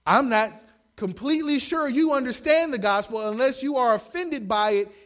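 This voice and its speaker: A young man preaching a sermon, animated, acting out the quotes he shouts. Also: very high-pitched, moderate pace. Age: young adult. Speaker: pastor.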